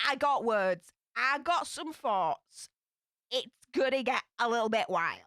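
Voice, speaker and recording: Yorkshire lass in her 30s chatting on a stream, sassy, bright voice, dry close sound. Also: on the high side, expressive, clear, resonant tone, dry recording. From Yorkshire, England. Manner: sassy, chatty, quick greetings with northern slang. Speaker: livestream host. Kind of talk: casual livestream chat greeting viewers.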